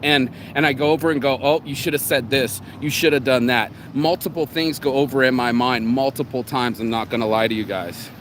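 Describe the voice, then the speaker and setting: A man's voice: mid-range voice, fairly even intonation, a little fast, hardly any pauses, a bit bright, a little hiss or hum. A man giving a casual motivational talk outdoors by a road, rambling and candid, swearing freely and acting out other people's lines. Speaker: vlogger giving morning motivation.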